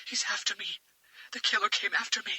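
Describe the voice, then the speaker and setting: Male narrator as frightened young woman, trembling breathy whisper, very bright and thin. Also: high-pitched, very animated, fast talker, no room sound, pitched above the performer's own voice, full character voice, poor audio. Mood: terrified whisper.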